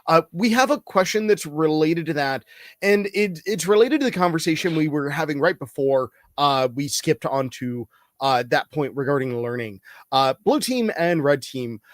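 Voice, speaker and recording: An upbeat man with a fairly high voice hosts a casual interview over a video call. His audio is dry, and he laughs easily between questions. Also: expressive, normal speed, no echo. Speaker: host.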